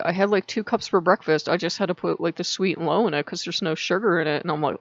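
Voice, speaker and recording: A middle-aged woman vlogger chats fast and casually about spiritual matters, rambling as her words wander from one thought to the next. Her voice has a gravelly fry and her pitch often leaps up suddenly mid-sentence. The recording is dull and dry, with no room sound.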